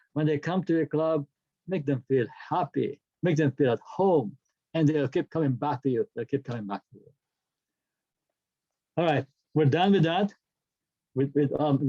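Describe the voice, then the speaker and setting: A man leads a workshop, speaking with emphasis and returning to the same key phrases. His voice sits a little high but has a mellow, soft-edged tone. The recording is dull and lo-fi. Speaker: workshop presenter. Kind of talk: workshop talk.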